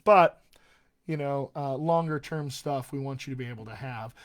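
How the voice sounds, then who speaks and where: A man's voice: medium pitch, moderate pace. A man working as a dialect coach, talking casually on a live-streamed Q&A, chatty with many fillers and restarts.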